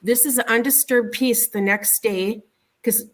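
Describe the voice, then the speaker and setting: A middle-aged woman, an interview guest, recounting a personal experience in a conversational, halting way, often repeating words and restarting her sentences. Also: fairly high pitch, fairly even intonation, fairly bright tone. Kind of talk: conversational storytelling.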